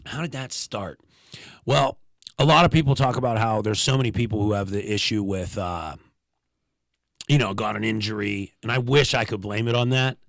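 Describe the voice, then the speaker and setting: A man's voice: on the low side, normal speed, vocal fry, fairly bright tone, no echo. A man, a stand-up comedian, chatting casually as a podcast guest, telling loose stories with slangy asides and laughs. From Pittsburgh, USA.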